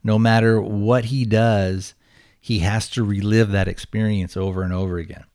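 A man with a somewhat low voice talks through a movie's plot in a loose, casual way. He rambles, restarts his sentences and leans on fillers as he goes. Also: fairly even intonation, normal speed, darkish tone. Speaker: podcast host.

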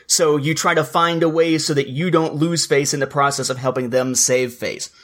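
A man's voice: on the high side, steady tone, normal speed, a bit bright. A man co-hosting a casual podcast, chatting about a comic book and reading its dialogue aloud with a bit of acting. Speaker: podcast co-host.

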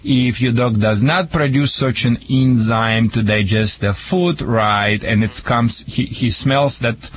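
Joking Russian-accented man, husky voice. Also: medium pitch, takes it slowly, hardly any pauses. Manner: playful, joking, broken English with many restarts. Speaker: dog trainer co-host. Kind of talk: call-in radio advice.

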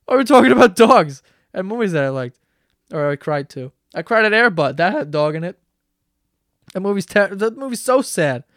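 A young podcast host, a man, rants in a profane, excitable rush, his voice sitting high and his throat sore from yelling. The sound is close and dry, with no room around it. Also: normal speed, long pauses, no room sound. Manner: profane, excitable ranting with sudden loud outbursts. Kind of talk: solo comedic rant.

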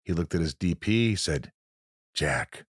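A middle-aged man hosting a relaxed interview conversation, his voice sitting very low. He tells stories with energy and acts out the lines of the people in them. The sound is close and dry, with almost no room echo. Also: a little fast, breathy edge. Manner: animated storyteller, acts out quotes. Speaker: podcast host. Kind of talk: casual interview chat.

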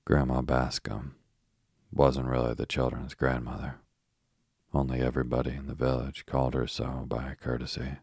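A man narrating a bedtime story in a calm, even way. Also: extremely low pitch, moderate pace, gravelly, slightly rough, no room sound, clean studio sound.

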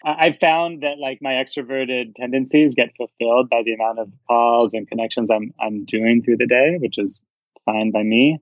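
A man's voice: mid-range voice, no echo, lo-fi sound. A man chatting casually as a podcast guest, easygoing and laughing along. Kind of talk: casual chat.

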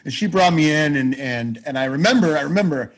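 Casual guest: husky male voice, rambling and self-deprecating, swears a lot. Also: fairly high pitch, lively intonation, fairly quick, rough recording. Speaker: guest, actor and writer. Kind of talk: casual storytelling chat.

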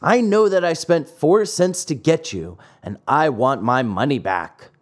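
A man voicing a grumpy, stingy old man in a storybook reading, slow and grumbling. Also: fairly high pitch. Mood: angry.

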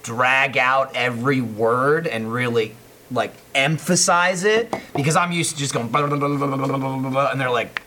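A man's voice: mid-range voice, moderate pace, pushed and bright, a little hiss or hum. A man from New Jersey, co-hosting a casual chat and slipping into playful put-on voices. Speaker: podcast co-host and voice actor.

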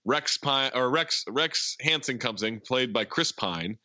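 A man casually recapping a comedy film with a co-host, retelling scenes with lots of fillers and quick impressions. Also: medium pitch, no room sound, lo-fi sound. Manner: animated retelling, frequent laughs and filler words. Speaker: podcast co-host. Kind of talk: casual movie recap chat.

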